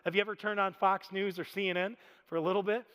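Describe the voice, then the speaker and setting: A man in his thirties preaching a sermon, telling stories in an animated, self-deprecating way with frequent laughter. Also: high voice, quick pace, clear, resonant tone. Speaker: pastor. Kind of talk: storytelling sermon. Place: church sanctuary. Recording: reverberant church hall.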